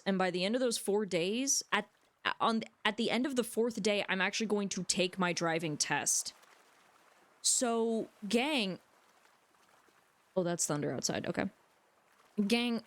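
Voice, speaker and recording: A woman livestreamer rambling and joking with her chat from a room at home. Her voice sits in a middling pitch on a dry, close streaming mic with no room echo.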